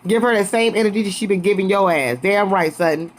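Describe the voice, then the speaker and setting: Young female YouTuber, sassy, emphatic recap delivery, ordinary mid pitch. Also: quick pace. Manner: sassy, emphatic, calls listeners honey and girl. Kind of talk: casual video review.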